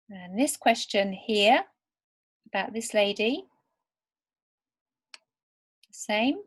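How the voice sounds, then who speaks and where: A woman teaching English to beginners over slides, speaking slowly and deliberately word by word. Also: fairly high pitch, expressive, breathy edge. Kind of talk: slow, clear lesson for beginner learners.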